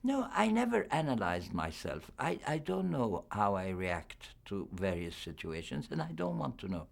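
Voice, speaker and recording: Older actor at a press junket, gravelly and low, swinging his pitch widely, candid and musing. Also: huge pitch swings, moderate pace. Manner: reflective, candid, chuckling. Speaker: film actor being interviewed.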